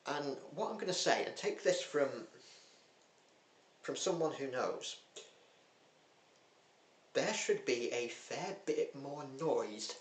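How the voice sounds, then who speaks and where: A man talking casually and bluntly about films he watched, with a cheeky, chatty manner. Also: mid-range voice. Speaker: film vlogger. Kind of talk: casual film review chat. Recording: echoey room with faint hum.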